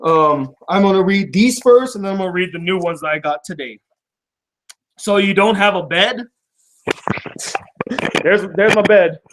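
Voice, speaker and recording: A young man with a high voice hosts a casual vlog from his room at home. He rambles, jokes at his own expense and swears freely as he reads out fan mail. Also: moderate pace, pauses often, a bit bright. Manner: profane, joking, self-deprecating.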